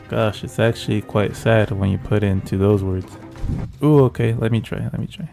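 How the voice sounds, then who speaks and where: A man delivers comic commentary in a dry, mock-serious tone. His voice sits low with a gravelly fry. Faint music plays underneath. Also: fairly even intonation, moderate pace, mellow. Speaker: video host. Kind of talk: comedic commentary.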